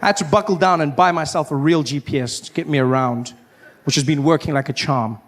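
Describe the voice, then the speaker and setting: A man from South Africa with a South African accent, doing animated stand-up storytelling and breaking into loud acted outbursts. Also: fairly high pitch, fairly quick. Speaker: stand-up comedian.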